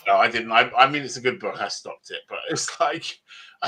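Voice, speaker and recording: Man, author guest at a panel, husky and bright, rambling and self-mocking. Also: mid-range voice, lively intonation, normal speed, long pauses. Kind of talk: convention panel interview. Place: convention panel room.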